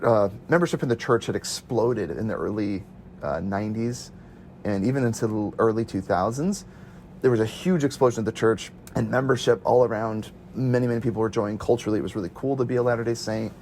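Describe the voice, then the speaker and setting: A man's voice: mid-range voice, a little mellow, a little hiss or hum. A man casually recounting his missionary days as an interview guest, chatty, laughing often and acting out the voices he quotes.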